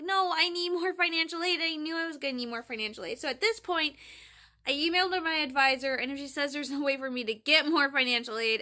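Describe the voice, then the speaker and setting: A woman's voice: high-pitched, sharp tone. A young woman in a casual diary vlog, rambling and chatty as she retells conversations. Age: young adult. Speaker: college student vlogger.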